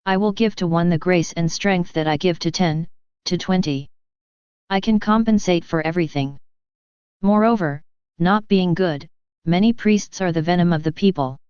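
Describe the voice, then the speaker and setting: A woman reading the lines of a gentle, sorrowful divine male speaker in a solemn, tender, unhurried way, with a smooth, clear voice. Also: on the low side, dry recording, natural voice. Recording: dull lo-fi dry reading.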